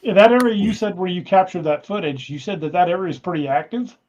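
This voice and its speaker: High-voiced man on dull lo-fi audio. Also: quick pace, a little mellow, a little hiss or hum. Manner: steering, hesitant fillers. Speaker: podcast host reading super chats. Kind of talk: casual podcast chat.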